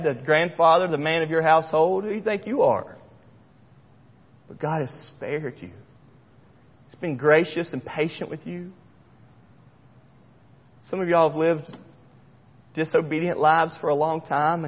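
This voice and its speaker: A middle-aged man with a drawl preaches from the pulpit, his fairly high voice rising to loud pleas and dropping to hushed, near-whispered lines. The sound is a little dull and lo-fi, and it hangs in the long reverb of a church sanctuary. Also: breathy edge. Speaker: pastor. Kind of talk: sermon.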